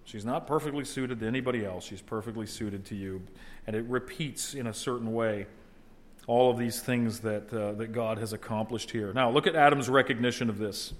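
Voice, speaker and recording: A middle-aged male pastor delivering a sermon, his voice at an ordinary mid pitch. He talks to his listeners casually, then swells into emphatic bursts when a point lands. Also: normal speed. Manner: conversational preaching, rising to emphatic exclamation.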